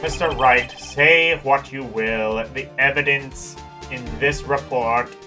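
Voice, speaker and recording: A smug older male prosecutor, voiced by a woman, deep and condescending. Each line is drawn out with a sneer. Game music plays clearly behind. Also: slow, pushed and bright, exaggerated voice.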